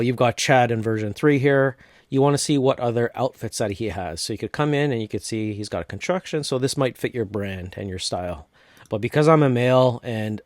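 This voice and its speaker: Casual man walking through software. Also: medium pitch, dry recording, clean studio sound. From North America. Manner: casual step-by-step walkthrough with frequent restarts. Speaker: tutorial host. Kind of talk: screen-recorded software tutorial.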